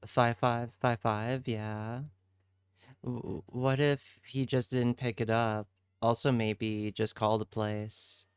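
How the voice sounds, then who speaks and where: A man's voice: medium pitch, smooth, no room sound, studio quality. A man streaming live, chatting casually with his viewers, swearing freely and answering their messages.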